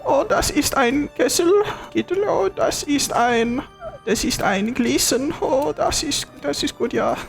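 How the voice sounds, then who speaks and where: A man's voice: extremely high pitch, lively intonation, a little slow, vocal fry, soft background music, pitched above the performer's own voice, heavily acted. A man putting on a silly Bavarian German accent as a jolly mock-German commentator. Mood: jokey. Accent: put-on Bavarian German.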